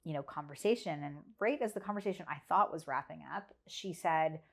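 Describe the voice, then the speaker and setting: A woman with a low, slightly fast voice appears as a guest on a podcast. A business leader, she tells a personal story and speaks candidly about her struggles, leaning on earnest emphasis and repeating phrases.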